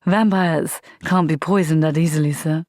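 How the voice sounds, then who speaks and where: A woman's voice: normal speed, no echo. A woman doing a cool, wry male vampire. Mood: wry calm. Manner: calm, dry, low drawl.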